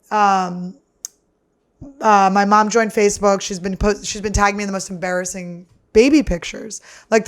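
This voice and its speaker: A woman comedian hosting a podcast, telling stories in a casual, chatty way, swearing freely and laughing as she talks. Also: medium pitch. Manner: animated, laughs through her stories. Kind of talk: casual storytelling.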